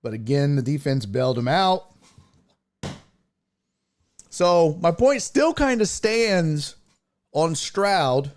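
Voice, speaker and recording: A man's voice: on the high side, big pitch swings, slow pace, pauses often. A man hosting a sports talk show, chatting casually and thinking aloud as he reacts to the news.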